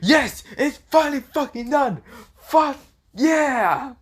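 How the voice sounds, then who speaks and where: A man voicing a loud, profane teenage delinquent boy who shouts his lines. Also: very high-pitched, lively intonation, slow pace, voice pushed up, full character voice. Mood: triumphant yelling.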